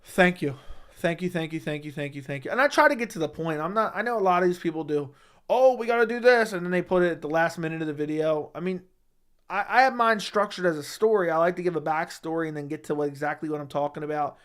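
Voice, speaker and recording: A man's voice: a little high, fast talker, a bit bright, smooth. Blunt, profane man chatting on a livestream. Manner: blunt and profane, talks back to chat. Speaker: livestream host reading viewer comments. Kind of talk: casual livestream chat. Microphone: studio microphone at a desk.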